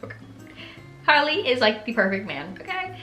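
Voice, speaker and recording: A young woman playing a story game who reads it aloud and reacts to it with gushing excitement. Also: on the high side, moderate pace. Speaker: gaming YouTuber. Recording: echoey room with light music.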